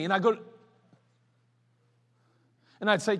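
High-voiced preacher in a reverberant church. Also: male voice, steady tone, normal speed, pauses often. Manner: folksy storytelling, swings from loud to quiet. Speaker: pastor. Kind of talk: sermon. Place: church sanctuary. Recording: long hall reverb in a church.

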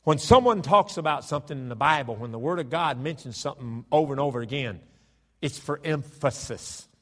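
A man preaching a sermon as pastor, with a fervent, emphatic delivery that swells into loud declarations. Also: medium pitch, lively intonation, fairly quick, big-room sound. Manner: starts with a hushed prayer, then builds to loud fervent preaching. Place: church sanctuary.

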